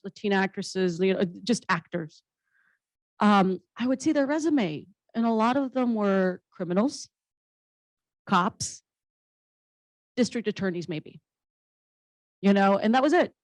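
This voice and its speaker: Her delivery is a little slow, with long pauses, as this female comedian and actress tells frank, funny stories on a panel, cursing casually. The voice is mid-range, and the recording sounds dry and rough.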